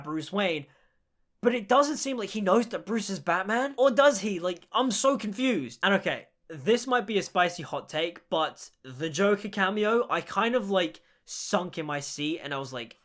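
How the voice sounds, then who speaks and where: A young man giving a casual, animated film review, rambling with lots of "like". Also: high-pitched.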